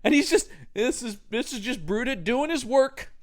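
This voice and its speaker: A man co-hosting a casual movie podcast, animated and jokey, often slipping into mock voices for characters. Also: very high voice, moderate pace. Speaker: podcast co-host. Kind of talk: casual movie-riff chat.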